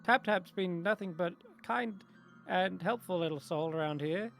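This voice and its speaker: A man's voice: sits high, normal speed, gravelly, fairly bright tone, faint music behind, voice pushed up. A man voicing a motherly woman innkeeper who firmly protects her guests. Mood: protective. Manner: pleading, firm and protective.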